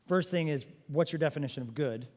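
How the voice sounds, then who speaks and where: A man's voice: on the high side, a little fast, a little mellow. A man teaching an apologetics seminar at a church, talking conversationally and emphatically with rhetorical questions. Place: church meeting room. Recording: long reverb of a church hall.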